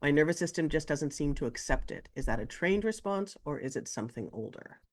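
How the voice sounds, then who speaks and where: A woman co-hosts a casual podcast conversation. Her voice swings widely in pitch, and she brightens into higher tones whenever she acts out what someone else says. She keeps the exchange quick and expressive. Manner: animated, acts out quoted dialogue in a higher voice. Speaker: co-host.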